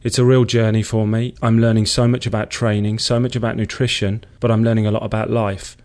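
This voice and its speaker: An English man in his thirties, interviewed as a guest, with a lowish voice. He speaks with earnest enthusiasm and sounds a little out of breath. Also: level tone, fairly quick, a little mellow. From England. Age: 30s. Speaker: guest, personal trainer.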